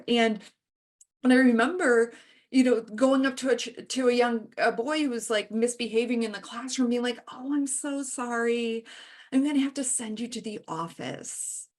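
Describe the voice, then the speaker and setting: A woman speaking candidly as a panelist in a panel discussion, telling stories and shifting into voices for the people she quotes. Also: medium pitch. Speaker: panelist and author.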